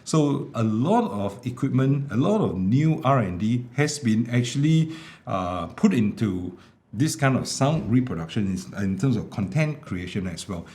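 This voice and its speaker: Unhurried and medium-pitched, a man casually demos a small wireless mic at home as a tech reviewer making a product vlog. He explains in a relaxed way with many fillers, wearing a small wireless clip mic in a room with an air conditioner.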